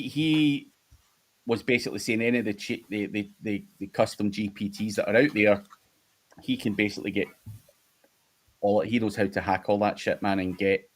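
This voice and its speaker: Swearing, laughing Scottish man. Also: lowish voice. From United Kingdom. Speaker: host. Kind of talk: casual livestream chat.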